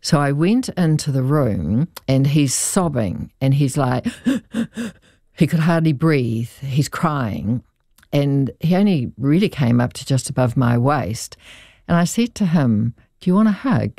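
A lawyer telling a client's story in an interview, in an earnest, measured way with emphatic repeats. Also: mid-range voice, expressive, mellow, dry recording, studio quality.

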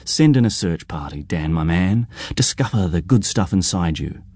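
A man voicing a cocky young man who teases his younger brother in a croaky, crowing voice. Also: low-pitched, animated, moderate pace, darkish tone, no room sound, studio quality. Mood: mocking. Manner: mocking, showy, theatrical.

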